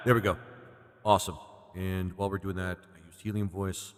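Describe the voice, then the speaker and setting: A man's voice: low-pitched, level tone, a little fast. A man streaming a video game, rambling and laughing in casual commentary. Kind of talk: casual let's-play commentary. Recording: roomy reverb with game music.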